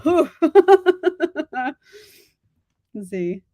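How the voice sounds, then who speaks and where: A woman's voice: sits high, very animated, extremely slow, mellow, no echo. A young woman chatting casually on a live stream about books, laughing often and speaking bluntly. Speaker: book streamer answering chat.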